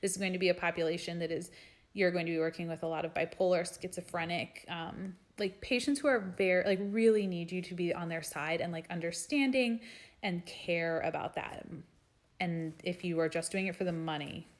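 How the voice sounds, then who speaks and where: A woman's voice: lowish voice, a little fast. A young adult woman, a nurse practitioner, reading out viewers' questions in a live stream and answering them in a frank, chatty way. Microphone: phone or webcam for a live stream.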